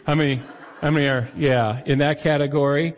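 A man preaching a sermon as pastor, conversational and animated, sometimes acting out the voices of the people he quotes. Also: a little high, a little fast, a little hiss or hum. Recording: long hall reverb.

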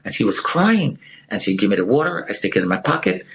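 A man with a fairly low voice tells a personal story to an interviewer. He is an animated storyteller whose pitch swings widely as he acts out what other people said. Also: fast talker. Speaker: interview guest. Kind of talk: telling a personal story in conversation.

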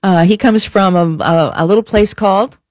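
A woman's voice: mid-range voice, normal speed, darkish tone, dry recording. Female radio host, chatty and upbeat, dry close sound. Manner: chatty, upbeat, laughs easily. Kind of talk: casual radio chat.

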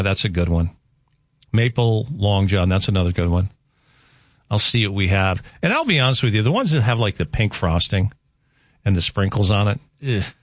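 A male radio host in a dry-sounding studio, talking in a loose, wandering way. His pitch leaps high and drops low as he tells stories and jokes with listeners, full of restarts and asides. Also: a bit bright, no room sound. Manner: rambling, chatty, with frequent restarts and asides. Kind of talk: casual morning radio chat. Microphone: studio microphone.

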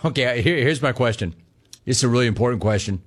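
Brash middle-aged male sports radio host. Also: medium pitch. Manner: brash, fast, animated, joking banter. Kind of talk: call-in sports talk.

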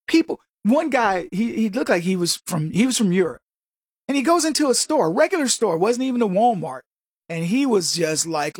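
A man giving an opinionated monologue as a political commentator, firing off sarcastic rhetorical questions in an animated way. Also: sits high, husky, no room sound, clean studio sound.

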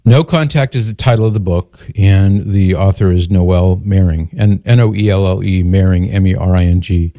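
Dark-voiced older male radio host. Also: low-pitched, moderate pace, few pauses, dry recording, clean studio sound. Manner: emphatic, lecturing, quotes others in mock voices. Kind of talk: call-in radio talk.

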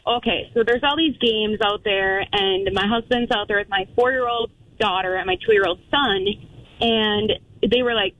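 A woman's voice: fairly high pitch, animated, moderate pace, fairly bright tone, no room sound, dull audio. A woman calling into a radio show, animatedly telling a personal story and acting out what she and others said. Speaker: caller.

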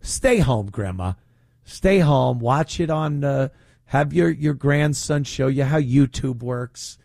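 A man's voice: medium pitch, slow pace, gravelly, darkish tone, no room sound, clean studio sound. A man hosting talk radio, speaking in a mocking, opinionated way. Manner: mocking, puts on whiny voices to ridicule. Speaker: radio talk show host.

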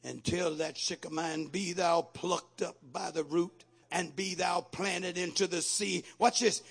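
High, gravelly preaching man. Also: fairly even intonation, a little slow, few pauses. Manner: call-and-response preaching, rising to shouts. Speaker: pastor. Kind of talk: sermon.

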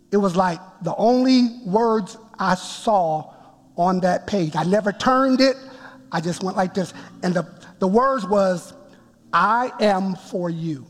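A man preaching a sermon, telling his story with emphatic build-ups that rise toward shouts. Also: sits high, takes it slowly. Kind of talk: sermon testimony. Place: church sanctuary before a congregation. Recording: long reverb of a large hall.

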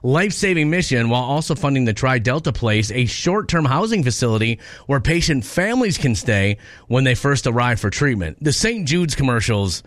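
A man's voice: mid-range voice, big pitch swings, fairly quick, no room sound, studio quality. A man in his forties hosting a casual radio chat, talking in an emotional, stumbling way with restarts, from the American Midwest. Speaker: radio show host. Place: radio studio.

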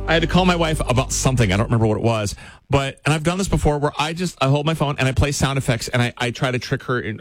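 A man hosting a morning radio show, telling a self-mocking story in a lively way from the studio. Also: mid-range voice. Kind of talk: casual on-air storytelling.

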